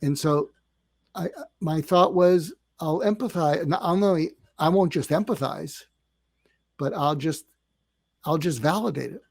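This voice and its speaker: A man's voice: on the high side, unhurried, vocal fry, pauses often, husky, dry recording. An older man, a psychiatrist guest on a podcast, telling stories in a meandering way with lots of fillers and acted-out dialogue. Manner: meandering, filler-heavy, acts out quoted dialogue. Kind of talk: storytelling in a podcast interview.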